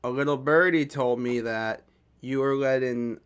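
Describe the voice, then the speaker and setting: A man quoting a calm woman school dean. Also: medium pitch, a little slow, smooth, close to an everyday voice. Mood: reassuring. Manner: soothing, matter-of-fact.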